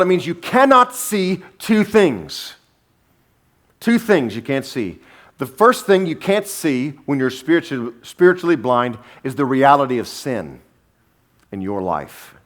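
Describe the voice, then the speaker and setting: Lively pastor preaching. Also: male voice, medium pitch, a little slow. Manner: animated storytelling, acting out quotes with shifting voices; sarcastic, humorous asides. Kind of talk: sermon.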